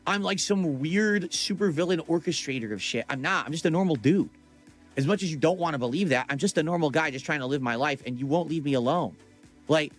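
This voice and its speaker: Male streamer, higher-pitched, exasperated and foul-mouthed, talking straight to chat. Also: fairly bright tone. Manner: profane, defensive, exasperated. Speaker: livestreamer. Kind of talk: casual livestream rant to chat.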